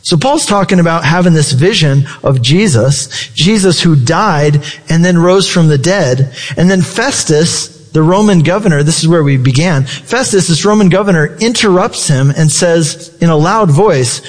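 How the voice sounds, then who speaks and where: A man's voice: fairly high pitch, animated, moderate pace, hardly any pauses, in a large hall. A male pastor preaching a sermon in a conversational way, asking the congregation rhetorical questions.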